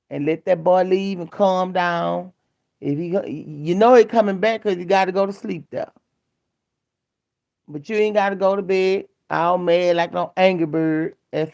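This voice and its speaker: Gravelly middle-aged woman, blunt storyteller. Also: lowish voice, fairly even intonation, a little slow, darkish tone. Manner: candid, blunt storytelling in colloquial speech. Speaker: vlogger. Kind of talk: casual chat. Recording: dull lo-fi sound.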